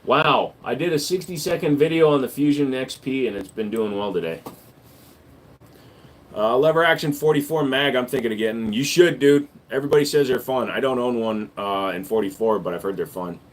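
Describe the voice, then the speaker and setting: A man talking casually to his livestream chat, a mid-pitched everyday voice. He answers questions in a laid-back, joking way, with bursts of louder hype when he calls on viewers. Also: fairly quick. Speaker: livestream host and gun store owner.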